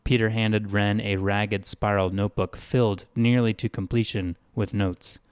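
Guy narrating a daily story, low voice, super dry close sound. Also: level tone, normal speed, smooth, no echo. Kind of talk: scripted narration.

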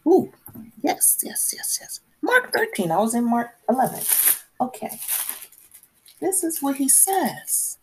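A woman's voice: high voice, very animated, slow pace, pauses often, a little mellow. A woman preaching a sermon, emphatic and repetitive, stopping to search for verses aloud. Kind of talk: sermon teaching.

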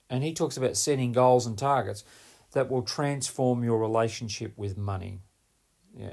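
A man's voice: mid-range voice, gravelly, a little mellow, breathy edge. A man hosting a solo podcast as a performance coach, talking in an emphatic, rambling way and often tagging on "right?".

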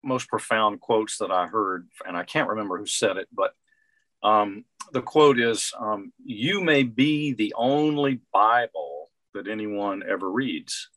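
A man's voice: lowish voice, measured pace, fairly bright tone, low-quality recording. A man hosting a casual faith conversation, adding short comments and quoting a saying. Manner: brief interjections, quotes sayings. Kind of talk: casual chat.

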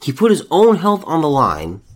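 A male podcast host delivers solo commentary in an incredulous, ranting way. His pitch swings widely as he talks, and he restarts his sentences over and over. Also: huge pitch swings, moderate pace.

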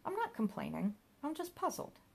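A woman's voice: sits high, huge pitch swings, moderate pace, gravelly, pitched above the performer's own voice, heavily acted. A woman doing a bewildered young man. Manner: bewildered, questioning. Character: puzzled young man, hungover and confused.

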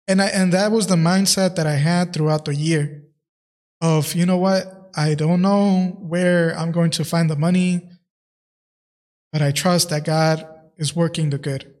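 A man's voice: fairly high pitch, in a large hall. A man hosting a podcast, talking in a casual, earnest way about his faith, with many fillers and restarts. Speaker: podcast host.

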